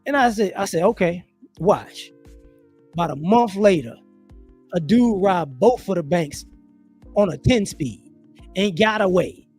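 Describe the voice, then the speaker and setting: A man's voice: sits high, a little slow, long pauses, husky, soft background music. A man hosting a live stream, telling stories and giving his opinions in casual commentary, acting out other people's lines as he goes. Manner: animated storytelling with voiced asides. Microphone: home streaming setup.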